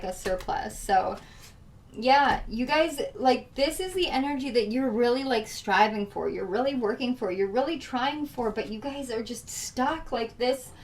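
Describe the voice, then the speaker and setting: A woman's voice: on the high side, recorded from a distance, a little hiss or hum. A woman doing a casual tarot reading, chatty and emotional, with frequent laughs and fillers. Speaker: tarot reader.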